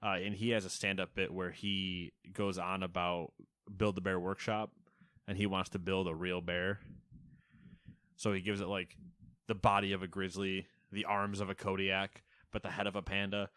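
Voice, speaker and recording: A man's voice: low-pitched, flat delivery, moderate pace, a bit bright, smooth, no room sound. A man co-hosting a casual gaming podcast, joking and laughing as he runs through a list of news. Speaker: podcast co-host. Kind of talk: casual chat.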